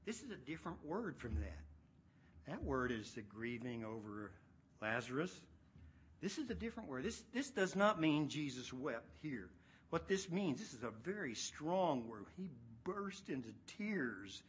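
A man preaching an expository sermon, animated, acting out voices and swinging from loud to hushed. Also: a little high, unhurried, breathy edge.

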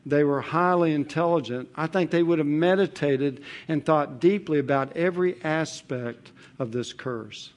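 A man preaching an expository Bible sermon in a measured, emphatic way, with rhetorical questions and repetition. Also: a little high.

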